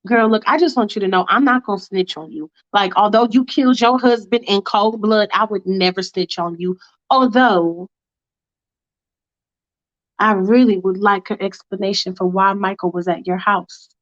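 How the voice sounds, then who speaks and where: A woman's voice: mid-range voice, moderate pace, no room sound, highs cut off, voice pushed down, close to an everyday voice. A woman doing Monique, a sassy prying friend.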